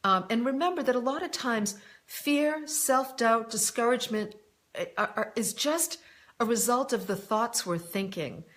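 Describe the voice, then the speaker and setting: A woman's voice: on the high side, animated, unhurried, a bit bright. A woman coach answering viewer questions in a live online session, speaking candidly and directly, calling people by name, with frequent "um" and "you know". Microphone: live online broadcast.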